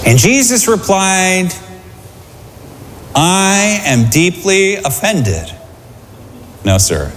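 Lively male preacher in a big hall. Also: high voice, slight background noise. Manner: lively, conversational, asks the congregation questions. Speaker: pastor. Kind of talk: sermon. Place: large church hall. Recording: hall reverb, faint room ambience.

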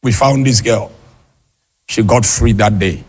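A man preaching a sermon as pastor, switching between shouted, sing-song peaks and low, quick asides to the congregation. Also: breathy edge. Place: church.

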